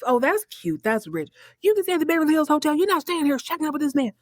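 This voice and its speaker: A woman doing a loud, brash husband. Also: high-pitched, sing-song, fast, no room sound, studio quality, pitched above the performer's own voice. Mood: indignant. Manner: loud, indignant, reckless. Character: brash loud man demanding his wife back.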